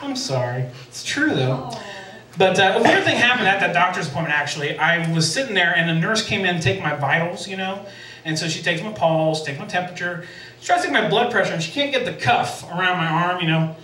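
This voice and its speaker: A man's voice: sits high, expressive, a little fast, bright, forceful tone. A man doing a self-deprecating stand-up comedy set as emcee on a sports bar stage, laughing at his own jokes. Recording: echoey bar from a distance.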